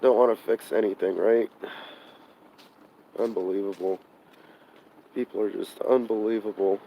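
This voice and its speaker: Sick guy ranting on a livestream by his car at night, hoarse, dark voice, swearing a lot, faint street noise. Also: on the low side, fairly even intonation, a little slow, rough recording. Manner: frustrated, swearing, sighing, burnt out. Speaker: live streamer. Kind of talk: live-stream vlog, talking to chat. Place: outdoors beside a car at night.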